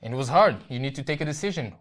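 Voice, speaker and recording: A man's voice: medium pitch, expressive, fairly bright tone. Earnest Israeli man telling his story. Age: young adult. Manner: earnest, halting, with frequent restarts and repeated words. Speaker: interview guest. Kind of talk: personal testimony in an interview.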